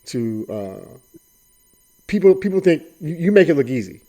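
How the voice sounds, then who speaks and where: A man hosting an interview show, speaking haltingly and repeating words as he builds toward his questions. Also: on the high side, big pitch swings, warm tone. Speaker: podcast host. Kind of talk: casual interview chat. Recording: tinny phone line.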